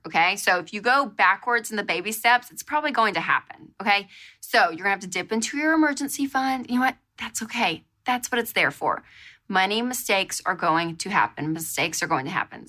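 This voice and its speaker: A woman hosting a show, telling a story in a casual, animated way with lots of fillers. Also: medium pitch. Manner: animated, chatty, lots of fillers and repeated exclamations. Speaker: show host.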